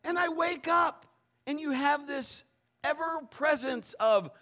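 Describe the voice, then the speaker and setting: A man preaching a sermon as pastor, acting out stories and swinging from hushed tones to shouts. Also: very high-pitched, slow pace. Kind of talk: sermon with personal storytelling.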